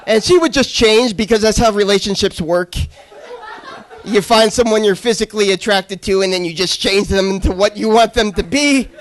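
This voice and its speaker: A man's voice: sits high, normal speed. A young man doing a stand-up comedy set on a club stage, telling awkward self-deprecating stories with crude jokes.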